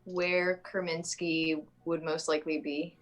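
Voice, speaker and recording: A woman playing a tabletop game who plans her next move out loud in a practical way. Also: low voice, level tone, measured pace. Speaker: player.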